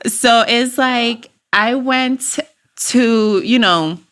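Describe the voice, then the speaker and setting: A woman with an accent recounts a personal story in casual conversation, acting out each line of dialogue and laughing along the way. Her voice is bright and forceful and sits a little high. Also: drawn-out words. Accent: non-native English accent. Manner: animated, acts out quoted dialogue with laughs. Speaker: guest telling her story; mother.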